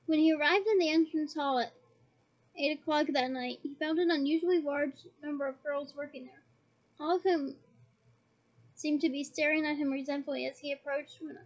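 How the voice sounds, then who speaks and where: A woman's voice: high voice, fairly even intonation, moderate pace. A woman reading a novel aloud, breaking off for playful, giggly asides to her listeners. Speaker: audiobook reader. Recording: dull lo-fi recording.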